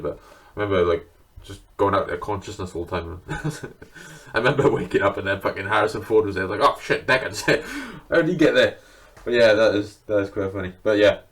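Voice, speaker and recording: A man's voice: low-pitched, a bit bright. A man chatting casually and enthusiastically to camera, swearing freely as he talks. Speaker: video creator showing his film collection. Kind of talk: casual unscripted chat to camera.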